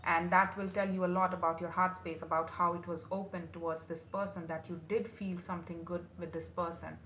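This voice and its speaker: A woman's voice: fairly low pitch, level tone, a little fast, fairly bright tone. A woman doing a tarot reading for her viewers, earnest and emotional, calling the listener honey. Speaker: tarot reader. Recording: roomy echo, faint room noise.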